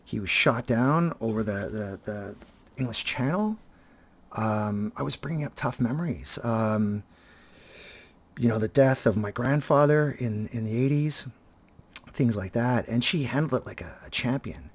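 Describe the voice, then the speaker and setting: A man in his fifties talking casually and reflectively to his viewers, halting often and repeating words as he restarts his sentences. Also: mid-range voice. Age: 50s. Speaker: vlogger and teacher.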